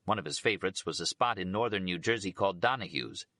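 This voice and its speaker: A man narrating a biography audiobook in a steady, unhurried reading voice. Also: deep voice, no echo.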